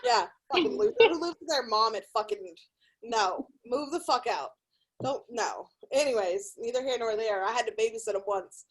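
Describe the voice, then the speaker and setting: A woman's voice: a little high, lively intonation, moderate pace, breathy edge, low-quality recording. A young woman doing a brash, profane, self-deprecating stand-up set. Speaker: stand-up comedian.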